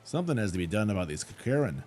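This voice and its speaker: A man reading a gruff rustic ranch boss woman. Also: on the low side, big pitch swings, normal speed, a little mellow, slight background noise. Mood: indignant. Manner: blunt folksy country speech. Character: gruff rustic woman head chocobo wrangler.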